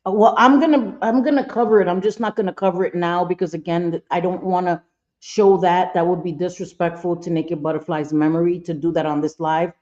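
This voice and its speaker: A woman's voice: fairly low pitch, fairly even intonation, a little fast, a little mellow, dull audio. A woman hosting a livestream, ranting angrily and repeating herself while reading viewer comments. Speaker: livestream host.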